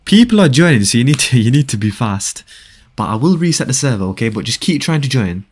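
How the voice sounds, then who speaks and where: Lively excitable male game streamer. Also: mid-range voice, fast talker, husky. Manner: excitable, repeats phrases, reads chat aloud. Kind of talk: casual live-stream chat with viewers.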